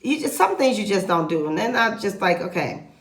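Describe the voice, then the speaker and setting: A woman real estate agent, telling a story to camera in a lively, emphatic way. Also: mid-range voice, fairly quick. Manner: animated, lively retelling with emphatic repeats. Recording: echoey room.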